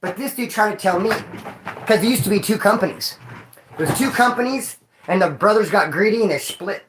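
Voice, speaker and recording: Profane, animated man in an echoey room. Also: high-pitched, normal speed, background noise. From Bakersfield, California. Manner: profane, animated street slang, bursts of yelling. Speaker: vlogger. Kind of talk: casual storytelling to a live chat.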